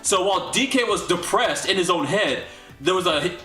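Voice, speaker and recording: A young man hosts a livestream and chats loosely with his viewers, his rambling recap full of restarts and incredulous asides. His voice sits high and swings widely in pitch, with a bright edge. It sounds as if it was recorded in an echoey room with faint music underneath. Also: lively intonation, normal speed. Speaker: livestream host. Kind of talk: casual recap talk to a livestream chat.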